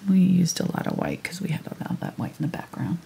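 A woman teaching a live painting tutorial step by step, thinking aloud as she works in a relaxed, chatty way. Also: fairly low pitch, fairly quick, gravelly, slight background noise. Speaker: painting instructor.

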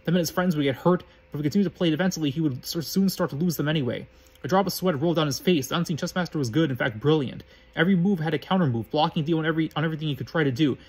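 A man's voice: on the high side, rapid-fire, husky, poor audio. A man reading a fan fiction story aloud as narrator in a plain, matter-of-fact way.

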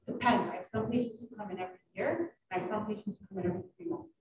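A woman doctor giving an informal question-and-answer talk, who tells stories lively and acts out her patients' voices. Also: medium pitch, very fast, background noise. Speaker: urogynecologist giving a library talk. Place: library meeting room. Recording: echoey room, distant dull mic.

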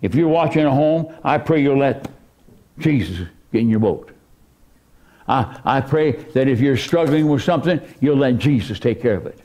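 Animated preaching man with lively pitch. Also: unhurried, pauses often. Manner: animated preaching, voice surging high for emphasis. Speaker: pastor. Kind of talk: sermon. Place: church.

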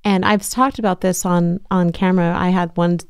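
A woman's voice: fairly low pitch, fairly even intonation, normal speed, smooth, no room sound, studio quality. A woman hosting a casual podcast interview, bubbly and gushing, laughing often. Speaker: podcast host.

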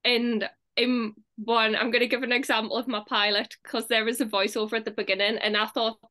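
A young British woman talks about acting in a loose, chatty way. Her voice sits a little high and sounds very bright. She leans on "like" fillers and laughs easily. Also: flat delivery, brisk. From England. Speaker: actress, guest. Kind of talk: casual interview chat.

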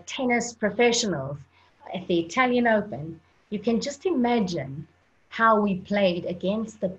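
A woman from Africa, a sports psychologist guest telling a personal story in an earnest, animated way, with frequent fillers. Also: on the high side, muffled recording. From South Africa.

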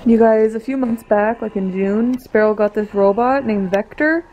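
A young woman and mother filming a casual home vlog on a handheld camera, gushing and excitable. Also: a little high, moderate pace, lo-fi sound, a little hiss or hum. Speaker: vlogger and mother. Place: family home.

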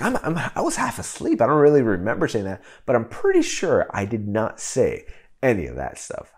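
A man in his thirties preaching with a lively, rising-and-falling delivery. His voice sits fairly low, and he tells his story in a loose, conversational way before turning it into a lesson from the pulpit. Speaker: pastor. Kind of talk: sermon.

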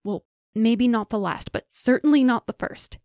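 A woman voicing a fiery young woman raised as a country hooligan, sharp and snarling. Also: fairly high pitch, moderate pace, no room sound, clean studio sound, pitched above the performer's own voice, close to an everyday voice. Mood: yelling.

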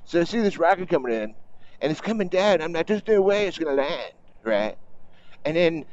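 A man's voice: a little high, sing-song, brisk, darkish tone, dull audio, pitched above the performer's own voice. A man putting on the voice of a boastful, self-important elderly male politician who keeps asking rhetorical questions.

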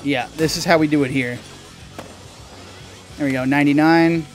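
Excitable young man commentating gameplay. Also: moderate pace. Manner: excitable, bursts into high yelps and laughs at mistakes; chatty, swears mildly. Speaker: gaming channel host. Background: faint game music.

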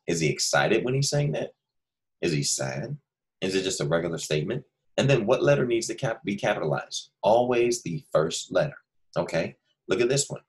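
A deep-voiced man teaches first graders through a recorded screen-share lesson. His voice is low and a little husky, and he talks slowly and patiently, reading example sentences aloud with lively stress, as if to small children.

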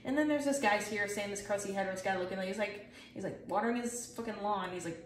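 Talking fast in a mid-range voice, the young artist rambles through her sketchbook, swearing heavily and ribbing herself. The recording comes from a distance in an echoey room, with music and slight background noise.

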